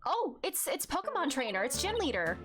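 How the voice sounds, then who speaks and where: A woman's voice: sits high, big pitch swings, fairly quick, fairly bright tone. A woman streamer chatting and joking while playing a story game. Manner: chatty, joking, laughs often. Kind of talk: casual game commentary. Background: game music.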